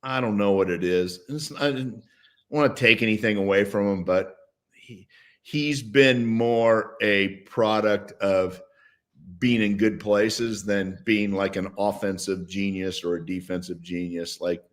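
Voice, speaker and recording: A man's voice: on the low side, steady tone, measured pace. A man in his sixties, a former football player, telling stories and giving blunt opinions as a guest in casual sports talk, chuckling often.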